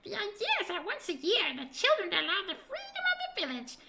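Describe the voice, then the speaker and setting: A woman voicing a tiny, cheeky male sprite with wings, in a squeaky, chirpy voice for a gamebook read aloud on stream. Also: huge pitch swings, brisk, creaky, very noisy, exaggerated voice. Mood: chirpy, eager.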